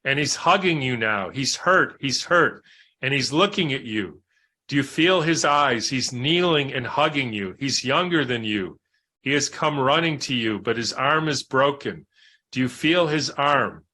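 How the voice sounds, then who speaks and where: A man voicing a calm, insistent old male sorcerer in a hypnotic, repetitive way, while reading aloud from a book. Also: mid-range voice, measured pace. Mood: mesmerizing.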